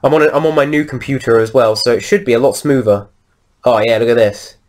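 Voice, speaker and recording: A man's voice: medium pitch, fast, a little mellow. A man, commentating casually on his own gameplay and rambling through his thoughts. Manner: rambling, lots of ums and restarts while he plays. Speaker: gameplay video host.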